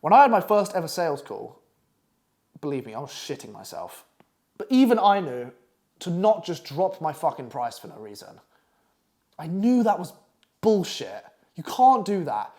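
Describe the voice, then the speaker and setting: A man's voice: on the high side, mellow. Young guy swearing nonstop while he coaches, voice jumping up and down a lot. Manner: crude, blunt and swearing constantly, acting out clients in quick asides. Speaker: copywriting coach. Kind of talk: profane casual masterclass talk.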